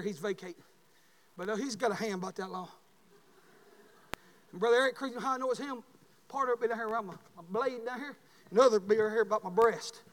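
A man preaching a sermon as pastor, telling folksy stories and building to shouted calls. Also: high-pitched. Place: church sanctuary. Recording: long hall reverb.

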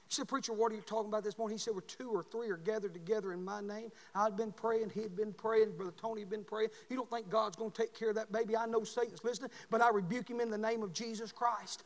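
A man preaching a sermon as pastor, telling folksy stories and building to shouted calls. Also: high-pitched, steady tone, fast talker. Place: church sanctuary. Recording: long hall reverb.

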